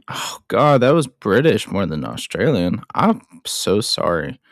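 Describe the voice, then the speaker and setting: A man's voice: lowish voice, sing-song, unhurried, no echo, clean studio sound. A man hosting a casual film recap, chatty and self-deprecating with frequent asides.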